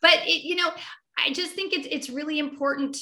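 A woman with a bright, fairly high voice speaks heartfelt and reflective, often stopping and restarting her sentences. She is a podcast guest in a conversational interview. The recording has a noticeably echoey room sound. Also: fairly quick.

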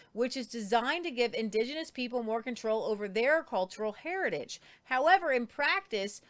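A woman's voice: fairly high pitch, fairly bright tone. A woman co-hosting a talk show, reading news articles aloud and commenting on them, with frequent ums and restarts. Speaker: co-host.

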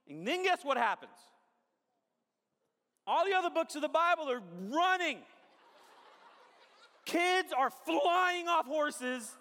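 A man preaching a sermon in a lively, joking way, often checking in with the crowd. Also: extremely high pitch, long reverb tail. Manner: animated, jokey, asks the crowd often. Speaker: pastor. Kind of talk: sermon with storytelling. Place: large church hall.

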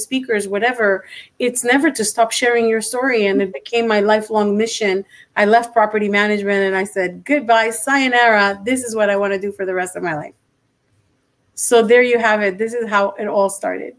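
A woman, a motivational speaker and interview guest, telling her personal story in an animated, emphatic way and acting out the dialogue she recalls. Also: on the high side. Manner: animated and emphatic, acts out quoted dialogue, frequent restarts.

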